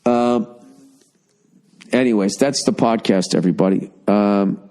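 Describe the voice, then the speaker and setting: A man's voice: on the low side, a little slow, darkish tone. A middle-aged man from the United States hosting a podcast, answering listener mail in a blunt, profane, rambling rant. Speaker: podcast host. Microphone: podcast mic.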